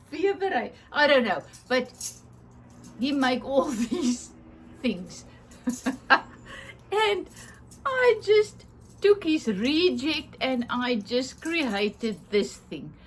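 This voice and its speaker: Slow, high-voiced woman. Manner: chatty, enthusiastic, laughs often, searches for words. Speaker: craft vlogger. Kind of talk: casual show-and-tell.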